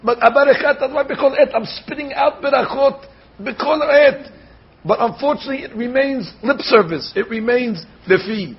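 Husky man teaching a Torah class. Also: high-pitched. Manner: animated, sounds out words slowly to demonstrate. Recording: dull lo-fi recording.

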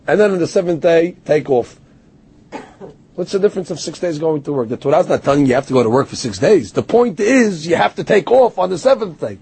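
Slightly high and sing-song, this rabbi's voice moves a little fast, with a darkish tone and a slight roughness. During his Torah lecture he tells stories, cites and explains Hebrew verses, and responds to a heckler by poking fun at himself.

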